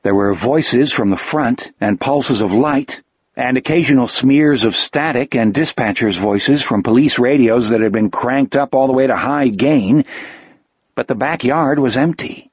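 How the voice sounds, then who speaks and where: A man reading a novel aloud as narrator, in a measured, steady storytelling manner. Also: medium pitch, breathy edge, no echo. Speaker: audiobook narrator. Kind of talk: scripted narration. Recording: dull, dry lo-fi audio.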